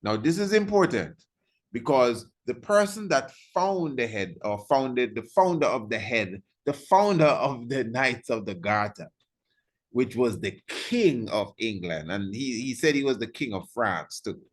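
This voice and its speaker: Man lecturing on history, slow and deliberate, pitch jumping all over, keeps quizzing the listener. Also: expressive. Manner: emphatic, repeats points, asks the listener rhetorical questions.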